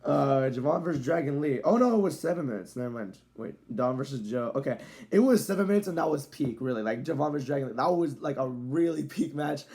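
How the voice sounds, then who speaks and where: Rambling young guy with a mellow voice. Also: mid-range voice, lively intonation, fast, gravelly. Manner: loose, rambling, self-correcting, slangy. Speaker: wrestling show reviewer. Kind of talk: casual video review.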